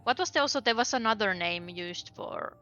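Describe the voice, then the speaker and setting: A woman's voice: fairly high pitch, animated, fairly quick, sharp tone, highs cut off, faint music behind. A woman playing a tabletop game, planning aloud in a rambling, casual way. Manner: rambling, many fillers. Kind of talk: casual chat.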